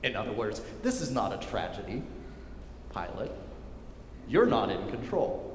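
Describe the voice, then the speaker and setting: A male pastor preaching a sermon emphatically and with repetition, often dropping to a quiet intensity. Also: fairly low pitch, very animated, measured pace, a little hiss or hum. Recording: echoey hall with long reverb.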